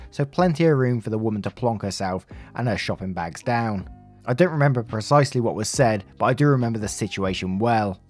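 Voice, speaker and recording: A man narrating online stories for his channel in a middle pitch, breaking off for casual, chatty asides to viewers. Quiet music runs faintly under his voice. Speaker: story narrator. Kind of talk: reading online stories aloud.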